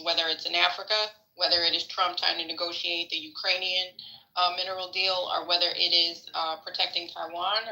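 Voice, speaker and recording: Frank, gravelly woman giving opinions. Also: on the low side, bright, forceful tone, rough recording. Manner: frank, opinionated, swears freely. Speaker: panelist in a political discussion. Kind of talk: casual opinion chat.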